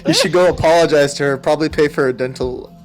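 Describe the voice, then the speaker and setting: A man's voice: fairly high pitch, fast, soft background music. A man playing a tabletop game, teasing his fellow players. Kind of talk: casual tabletop game chat.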